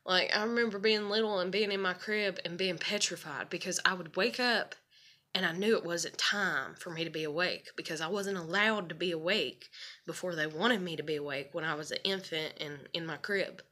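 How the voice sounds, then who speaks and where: A woman's voice: on the low side, moderate pace, bright, forceful tone. A woman telling a personal story in a casual, rambling, candid way, swearing and filling with "you know" and "like".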